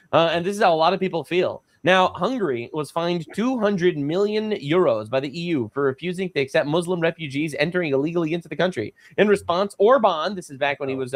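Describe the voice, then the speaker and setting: A man's voice: fairly high pitch, dry recording. A man hosting a podcast, talking casually in a rambling, sarcastic way with many fillers. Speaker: podcast host.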